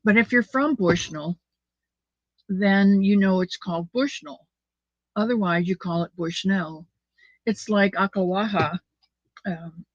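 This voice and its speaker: An older woman with a fairly low-pitched voice hosts a casual home livestream, reading viewers' comments aloud and talking with them affectionately. The recording is dull, dry, and lo-fi.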